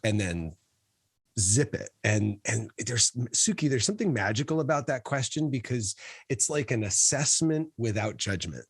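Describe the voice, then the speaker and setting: A man's voice: mid-range voice, normal speed, breathy edge, no echo. A man hosting a podcast who works as a music therapist, reacting with enthusiasm in casual interview chat. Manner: enthusiastic, lively, with fillers.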